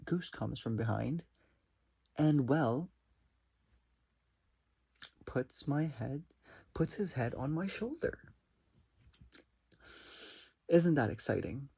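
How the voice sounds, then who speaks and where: A man's voice: mid-range voice, animated, slow, gravelly, pauses often, dark tone, slightly rough. A man telling a personal story as a casual vlog storytime, rambling with lots of "like" and retelling it dramatically. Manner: rambling, many "like" fillers. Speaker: vlogger.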